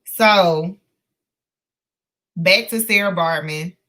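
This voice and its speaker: Impassioned woman host, slow and bright. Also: lowish voice. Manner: earnest, impassioned, halting with many fillers and restarts. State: emotional, close to tears. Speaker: host of a live book discussion. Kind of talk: casual live-stream discussion.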